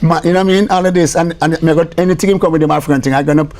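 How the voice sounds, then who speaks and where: An older man with a Jamaican accent, a record producer telling studio stories in a lively way, slipping between patois and English. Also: fairly high pitch, very fast. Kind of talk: storytelling interview talk.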